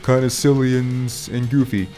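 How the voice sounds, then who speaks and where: A man's voice: fairly even intonation, moderate pace, soft background music, lightly acted. A man doing a mopey cartoon donkey. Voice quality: lowered-larynx, dark, dopey yawning tone. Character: sad, goofy cartoon donkey, male, gloomy.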